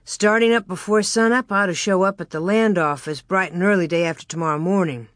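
A woman reading a storybook aloud, voicing a calm, reassuring pioneer father. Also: fairly low pitch, a little fast, no echo, studio quality, natural voice.

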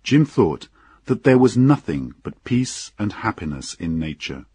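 A deep, very husky male voice reads an audiobook story slowly and steadily. His delivery is measured and unhurried. The sound is dry and close. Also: no room sound. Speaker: narrator.

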